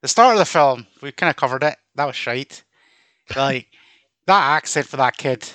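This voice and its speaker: A man's voice: mid-range voice, lively intonation, moderate pace, pushed and bright, no room sound. A man with a Northern English accent co-hosting a film podcast, blunt, sweary and laughing. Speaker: podcast co-host. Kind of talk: casual film review chat.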